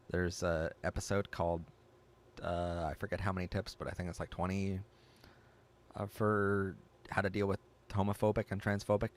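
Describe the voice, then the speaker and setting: Guy on a livestream, kinda low voice, gets super excited reading chat. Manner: excitable, gasping, reads chat aloud. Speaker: livestream host.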